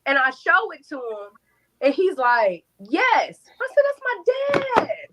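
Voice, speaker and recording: Young woman spilling her story, kinda high voice, acts out every quote, cusses a lot. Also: measured pace, poor audio. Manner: animated, acts out quotes, swears freely. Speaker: guest telling her story. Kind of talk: candid storytelling interview.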